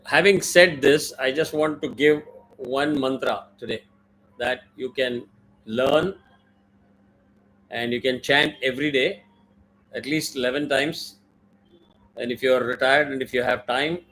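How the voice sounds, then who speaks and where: A man's voice: medium pitch, a little slow, pauses often, fairly bright tone, a little hiss or hum, low-quality recording. A man teaching a mantra in an online class, with careful pronunciation drills and many fillers. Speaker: Vedic chanting teacher.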